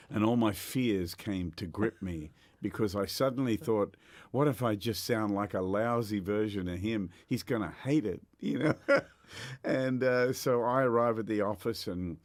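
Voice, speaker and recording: An older Australian man, a guest musician, telling stories in a chatty, animated way with lots of fillers in a radio interview. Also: lowish voice, moderate pace, dry recording. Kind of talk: casual storytelling in a radio interview.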